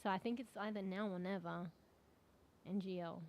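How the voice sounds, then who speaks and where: A woman's voice: medium pitch, steady tone, normal speed. A young adult woman streaming a game, chatting casually in a rambling, sweary way with lots of fillers. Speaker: VTuber streamer. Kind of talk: casual gaming stream chat.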